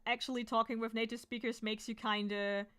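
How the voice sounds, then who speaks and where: A woman from Germany with a German accent, a native German speaker chatting casually while drawing on stream, talking fast and sometimes fumbling her words. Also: on the high side, flat delivery, a bit bright. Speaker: artist streamer.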